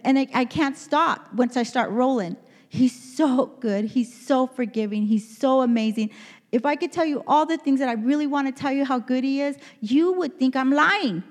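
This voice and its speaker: Woman pastor, 50s, conversational sermon, slightly high voice, long hall reverb. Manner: earnest, conversational, asks the audience questions. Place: church.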